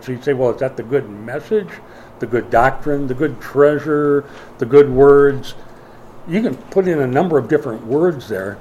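A middle-aged male pastor preaching a sermon, moving between quiet explanation and emphatic declarations, with folksy asides to the congregation. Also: medium pitch, a little hiss or hum, low-quality recording.

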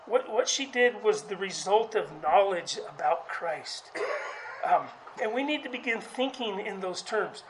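Background noise accompanies this animated preacher's conversational sermon. He halts and restarts words frequently, and when quoting someone he performs the line in a raised pitch.

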